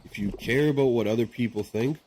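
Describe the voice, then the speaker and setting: A man's voice: mid-range voice, fairly quick, noisy background. A man streaming a game, talking casually in a rambling, chatty way and often checking in with "right?". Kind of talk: casual chat while gaming.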